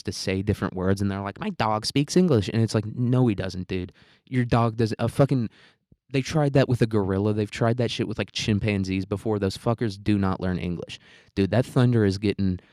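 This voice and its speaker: A man's voice: on the low side, darkish tone, no echo, clean studio sound. A young man at home delivering a profane, rambling casual monologue as a podcast host, often breaking into laughter.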